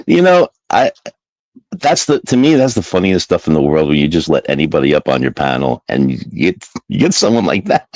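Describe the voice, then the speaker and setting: A man hosting a livestream in loose casual chat, rambling through stories with frequent laughter and casual swearing. His voice is very low. The recording is dry and close, without room echo. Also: big pitch swings, a little fast, darkish tone. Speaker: livestream host.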